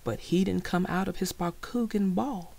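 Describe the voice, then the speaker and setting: A woman narrating a children's storybook with a slow, expressive delivery. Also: lowish voice, creaky, a little hiss or hum. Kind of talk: reading a children's book aloud.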